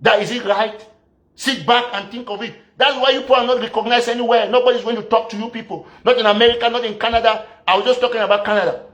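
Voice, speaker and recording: A man's voice: very high voice, steady tone, fast, fairly bright tone, lo-fi sound. A man from Southern Cameroon, ranting as a political activist. He scolds his opponents and fires off one rhetorical question after another. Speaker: activist commentator. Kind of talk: political rant.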